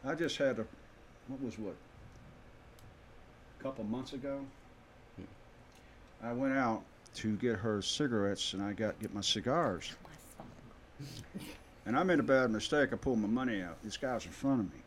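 A man tells a lively story as a podcast guest, acting out each bit of dialogue. A faint hum sits under his voice. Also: medium pitch, normal speed, pauses often. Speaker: guest, tribute performer of a famous singer. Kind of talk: casual chat.

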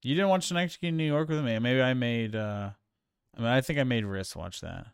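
A man talking through a film in a relaxed, meandering way, full of "um"s and restarts. His voice is smooth and clear, recorded close and dry with no room around it. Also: medium pitch, brisk, no echo. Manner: rambling, many fillers and restarts. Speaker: podcast co-host. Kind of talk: casual film review chat.

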